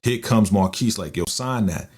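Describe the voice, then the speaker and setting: A man with a low, deep voice talks straight into a podcast microphone, recapping a TV drama in a relaxed, chatty way. He retells the plot with energy, dropping into quoted lines from the characters as he goes. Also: breathy edge. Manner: animated retelling, quoting characters with quick voice shifts and laughs. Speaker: TV recap host. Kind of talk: casual episode recap.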